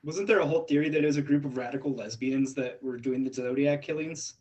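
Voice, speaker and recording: Fast-talking man tossing in jokes. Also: medium pitch, a little mellow. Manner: quick joking interjections. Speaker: podcast co-host. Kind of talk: casual podcast banter.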